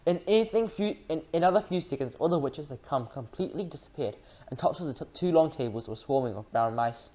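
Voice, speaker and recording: A reader narrating a children's book aloud in a lively way, with frequent slips and restarts. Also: mid-range voice, a little fast.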